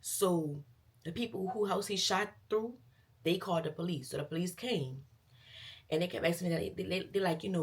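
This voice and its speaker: A woman's voice: lowish voice, brisk. A young woman tells a dramatic personal story in a casual storytime vlog, acting out the quoted dialogue and talking straight to her viewers. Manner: animated retelling with quoted dialogue, addresses viewers as girl and y'all. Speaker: vlogger telling a story.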